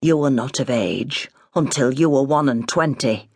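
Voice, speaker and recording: A woman plays a hard, stern old farmer father, growling and scornful at his daughter. His voice takes on a rougher, altered tone from the narrator's own, set in a dry, close storybook reading. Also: medium pitch, a little slow, no room sound.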